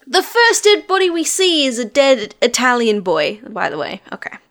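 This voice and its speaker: A woman's voice: high voice, very animated, moderate pace, a bit bright. A woman co-hosting a casual podcast chat, rambling with lots of fillers and frequent giggles. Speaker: podcast co-host.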